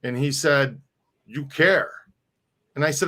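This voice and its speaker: Speaking slowly in a fairly high, somewhat bright voice, a middle-aged man co-hosts a laid-back live-stream conversation. He rambles and keeps restarting sentences, repeating words as he goes.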